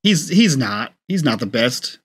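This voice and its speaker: A game master in a relaxed, joking tone. The voice moves up and down in a lively way. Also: mid-range voice, measured pace, breathy edge. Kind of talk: running a tabletop game.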